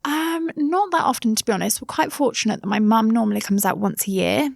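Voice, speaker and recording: A woman's voice: fairly high pitch, fairly quick, gravelly, dry recording, clean studio sound. A woman in her thirties with a Somerset English accent, chatting casually as an interview guest, with many fillers and asides. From England.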